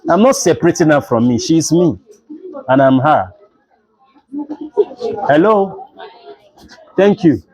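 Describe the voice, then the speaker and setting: Man, Nigerian English accent, teacher, classroom lecture, lively storytelling, higher voice. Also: takes it slowly, long pauses, husky. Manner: animated storytelling, acts out dialogue. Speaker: literature teacher.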